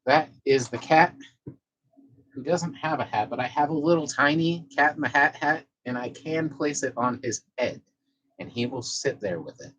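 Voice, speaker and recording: A man's voice: on the high side, normal speed, fairly bright tone, slightly rough, low-quality recording. Profane laid-back man chatting to viewers. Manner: loose, profane, reads chat messages aloud; chats to his cat between comments. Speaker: live streamer. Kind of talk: casual live-stream chat.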